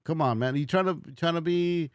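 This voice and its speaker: A man's voice: on the high side, normal speed, clear, resonant tone, dry recording, studio quality. A man hosting a livestream, reacting in casual, slangy, profane talk to his chat. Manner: slangy, profane, says "bro" constantly. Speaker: livestream host.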